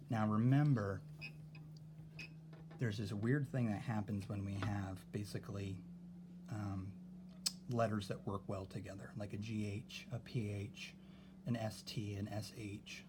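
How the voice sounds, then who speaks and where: A man's voice: fairly low pitch, mellow, a little hiss or hum. A man teaching a phonics lesson to a class, patiently sounding out vowels and syllables.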